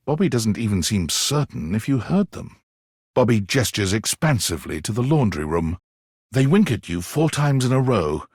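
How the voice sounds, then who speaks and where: A man's voice: lowish voice, breathy edge, no room sound, clean studio sound. A man voicing a wry narrator in a video game, reading scripted second-person narration in a playful storytelling manner.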